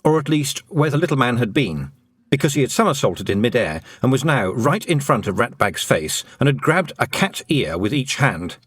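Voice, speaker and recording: A man narrating an audiobook in an expressive storytelling manner. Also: medium pitch, normal speed, breathy edge, dry recording, clean studio sound.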